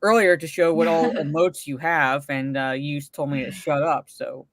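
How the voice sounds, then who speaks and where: A woman's voice: low voice, steady tone, moderate pace. A woman co-hosting a casual livestream and reading out chat messages, talking in a rambling way with many fillers and restarts. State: recovering from a migraine. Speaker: co-host reading live chat.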